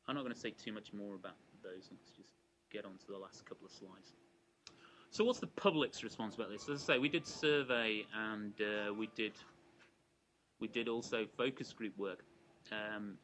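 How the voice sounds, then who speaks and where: A man giving an academic lecture to a live audience in a measured, explanatory way, often restarting his phrases. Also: fairly low pitch, a bit bright, slight background noise, poor audio. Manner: measured and explanatory, with frequent restarts and hedging asides.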